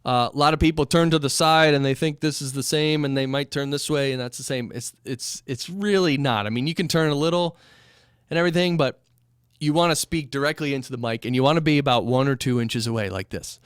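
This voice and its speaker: A man's voice: fairly high pitch, brisk, clear, resonant tone, no echo. A man who runs a recording studio explains microphone technique in a loose, rambling talk to camera, with fillers, restarts and moments of moving toward and away from the mic. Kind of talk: casual instructional talk to camera. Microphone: studio microphone at a few inches, sometimes pulled far off.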